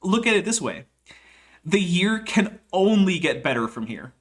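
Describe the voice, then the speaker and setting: A man's voice: high voice, big pitch swings, normal speed. Chatty man hosting a livestream. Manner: joking, chatty, reads aloud with asides. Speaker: host. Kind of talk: casual livestream commentary.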